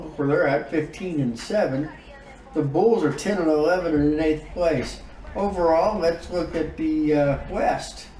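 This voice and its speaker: A man giving casual commentary on his own game season, reacting out loud to each win and loss. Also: fairly high pitch, echoey room, recorded from a distance, a little hiss or hum, rough recording. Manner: emotive, groans and exclaims over results. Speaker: gaming YouTuber.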